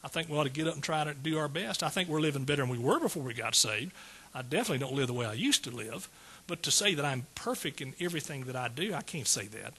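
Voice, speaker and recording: A man preaching a sermon in a high, bright voice with a husky grain. His delivery is folksy and conversational, and he keeps checking in with the listeners. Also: lively intonation, quick pace. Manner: folksy, calls out to the congregation.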